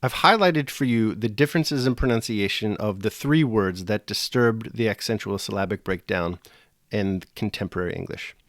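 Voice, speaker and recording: A man teaching a scripted video lesson on poetry in a measured, dry and wry manner. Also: lowish voice, fairly bright tone, no echo.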